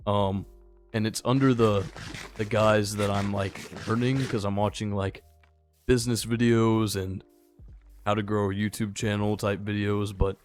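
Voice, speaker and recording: A young man with a slightly low voice chats easily over his gameplay, wandering from topic to topic and talking to the animals he meets. Soft music sits faintly behind him. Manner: rambling, easygoing, talks to the game animals. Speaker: gaming channel host. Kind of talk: casual gameplay commentary.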